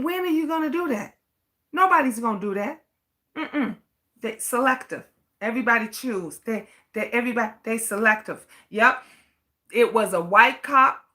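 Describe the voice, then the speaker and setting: A woman's voice: on the high side, bright, forceful tone. A woman ranting to camera, outraged and profane, firing off repeated rhetorical questions. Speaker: vlogger. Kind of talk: impassioned rant to camera.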